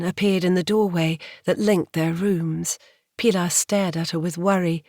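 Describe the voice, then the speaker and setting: A woman narrating a romance audiobook in a measured, atmospheric way. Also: lowish voice, dry recording, studio quality. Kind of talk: scripted narration.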